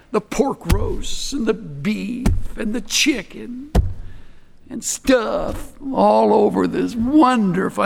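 An older man preaching a sermon, telling stories and swinging from hushed asides to shouted emphasis. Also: sits high, vocal fry. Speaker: pastor. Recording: long hall reverb.

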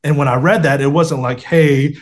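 A man's voice: medium pitch, quick pace. A man telling his faith story in an interview over a video call, earnest and street-casual, often saying "man" and "bro".

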